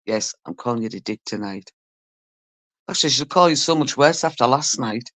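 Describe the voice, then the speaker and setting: Extremely low yet a bit bright, her animated voice moves a little fast with no echo. The woman livestreams a casual chat with her audience, reading comments and teasing viewers with laughter and occasional swearing.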